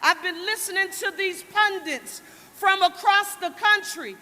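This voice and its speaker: Shouting woman rousing a rally crowd. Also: very high-pitched, unhurried. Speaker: city mayor speaking at a rally. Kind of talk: rally speech with call and response. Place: large indoor rally hall with cheering crowd. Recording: echoey hall, roaring crowd.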